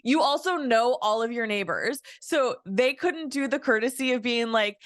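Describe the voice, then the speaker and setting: A woman's voice: on the high side, animated, moderate pace, dry recording, clean studio sound. A woman co-hosting a podcast in casual chat, earnest and indignant, often restarting her sentences. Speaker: podcast co-host.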